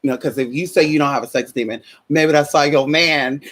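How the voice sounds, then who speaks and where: A woman's voice: sits low, a little fast. A woman telling a story in a casual vlog, sassy and profane, full of asides to her listeners. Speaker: vlogger.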